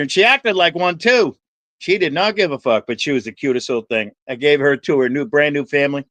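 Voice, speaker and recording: A man's voice: on the high side, brisk, fairly bright tone, no echo. A man hosting a livestream, chatting with viewers by name in a rambling, profane, jokey way. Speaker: livestream host.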